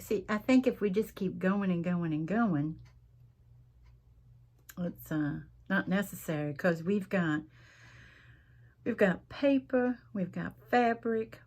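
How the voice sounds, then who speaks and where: A woman's voice: mid-range voice, darkish tone. A middle-aged woman, chatting folksily to viewers as she crafts at home and rambling between stories. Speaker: craft vlogger.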